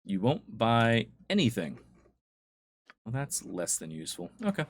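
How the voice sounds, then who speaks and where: A man's voice: mid-range voice, big pitch swings, unhurried, creaky. A man giving casual, chatty commentary while playing a video game, with amused asides. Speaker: let's play host.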